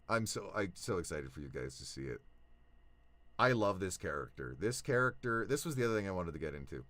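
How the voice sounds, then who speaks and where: A young male voice actor talking casually to his viewers, animated, swinging between low mutters and excited shouts. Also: fairly quick, no room sound. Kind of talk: casual vlog talk.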